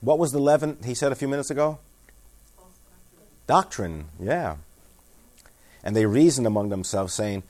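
A man's voice: mid-range voice, moderate pace, long pauses, darkish tone. A man giving a sermon, reading scripture aloud, explaining it in everyday words, and asking his listeners questions. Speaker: pastor.

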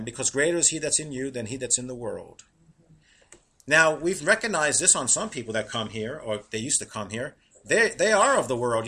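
A middle-aged man preaching a sermon, animated and laughing at his own jokes, slowing down to read verses. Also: fairly high pitch, breathy edge.

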